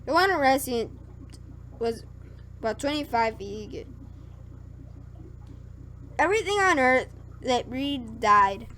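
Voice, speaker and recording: With a fairly bright, lively voice on the high side, a woman streamer works her way through scripture, tripping over words, fixing them, and pausing for skeptical, wry asides. There's slight background noise.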